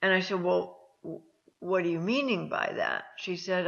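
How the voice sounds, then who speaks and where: A woman host telling personal stories about near-death experiences in a slow, halting way, with frequent ums and restarts. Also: lowish voice, vocal fry. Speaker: host and counselor. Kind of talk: personal storytelling talk. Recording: dull lo-fi sound.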